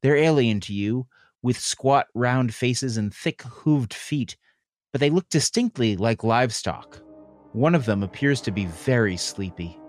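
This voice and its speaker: Calm guy running a tabletop rpg, dry close sound, measured. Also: mid-range voice, no room sound, soft background music. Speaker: game master. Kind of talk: narrating a tabletop game.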